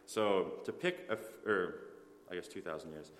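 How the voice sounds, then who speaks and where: An earnest man preaching a sermon. His voice sits a little low and rings with long reverb through a church hall, and he keeps pausing on fillers and correcting himself.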